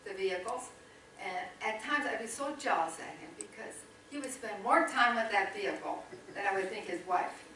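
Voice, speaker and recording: A woman's voice: mid-range voice, sharp tone, far from the mic, a little hiss or hum. Chatty woman missionary in echoey church. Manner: chatty, laughing, folksy asides. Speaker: missionary speaker. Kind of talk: church talk. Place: church sanctuary.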